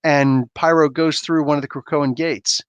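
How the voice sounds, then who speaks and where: A man's voice: a little high, steady tone, normal speed, clean tone, dry recording, lo-fi sound. A man hosting a comic book podcast, chatting casually and animatedly with rambling asides and laughs. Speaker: podcast host. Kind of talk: casual chat answering viewer questions.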